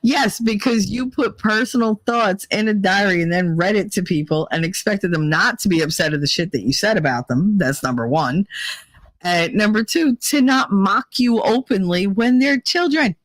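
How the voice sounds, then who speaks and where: A woman's voice: mid-range voice, normal speed, no echo. A woman hosting a casual talk show, telling stories in a blunt, profane and rambling way. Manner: blunt and profane, heated retelling; rambling with many restarts. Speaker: podcast host. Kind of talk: casual opinion chat and storytelling.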